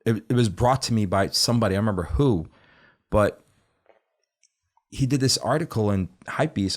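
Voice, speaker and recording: A man's voice: lowish voice, moderate pace, long pauses. A middle-aged man, a guest on a podcast, telling stories casually and with lots of swearing, acting out what other people said. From Brooklyn, New York. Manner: animated, profane storytelling that acts out other people's words. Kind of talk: casual chat.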